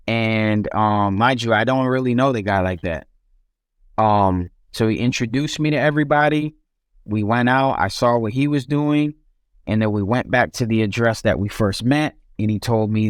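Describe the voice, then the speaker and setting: A man's voice: mid-range voice, normal speed, clean tone, dry recording, clean studio sound. A young man, a podcast guest, telling his own story in casual speech with frequent restarts and fillers.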